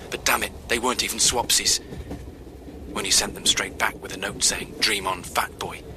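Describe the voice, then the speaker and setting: A man playing a lovelorn train guard who muses in a hushed, half-whispered voice. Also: on the low side, background noise, close to an everyday voice.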